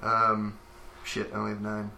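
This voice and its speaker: Hesitant young man, bright voice. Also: on the low side, monotone, gravelly. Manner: hesitant, halting with ums. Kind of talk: casual chat among friends.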